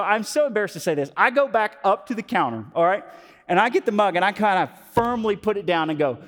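Male pastor, sermon, chatty storytelling, fairly high voice, long hall echo. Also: a little fast. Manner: animated storytelling with many fillers, swings from loud to hushed.

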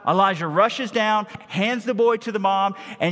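Pastor with a fairly high voice, echoing hall. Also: male voice, moderate pace, slight background noise. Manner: rhetorical questions to the congregation, swinging between hushed and loud. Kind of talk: sermon.

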